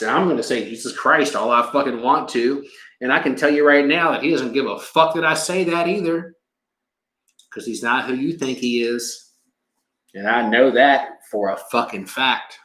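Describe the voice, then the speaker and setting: A man's voice: mid-range voice, bright, forceful tone, echoey room, poor audio. A man doing oracle card readings on his own channel, talking in an emotional, rambling way and swearing a lot. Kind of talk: casual livestream rant and card reading.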